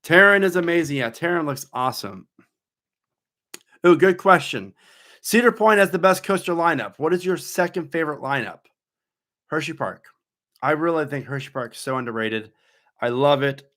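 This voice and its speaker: Reading viewer questions on a live stream, a theme park YouTuber in his thirties answers in a chatty, wandering way. His fairly high, fairly bright voice is expressive, moves at a moderate pace and pauses often.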